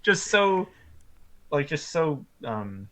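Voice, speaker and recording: A man co-hosting a casual film review chat, animated and full of ums and likes, often laughing as he retells scenes. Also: fairly high pitch, slow.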